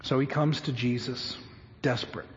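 A man preaching a sermon, telling stories dramatically and moving from hushed tones to loud, pleading cries. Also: medium pitch, fairly even intonation, moderate pace. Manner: dramatic, shifts from hushed storytelling to shouted pleading. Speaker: pastor. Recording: muffled sound with long hall reverb.

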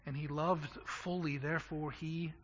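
Male preacher, high bright husky voice, impassioned sermon delivery with stammered repeats, echoey hall. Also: fairly even intonation, measured pace. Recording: echoey hall, dull lo-fi sound.

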